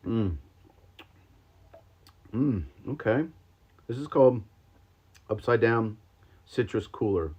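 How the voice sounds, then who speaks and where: A man's voice: medium pitch, expressive, slow pace, long pauses, a little mellow, breathy edge. A man hosting a livestream, chatting casually and rambling with lots of ums and likes while taste-testing sodas. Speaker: podcast host. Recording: slightly dull lo-fi stream audio.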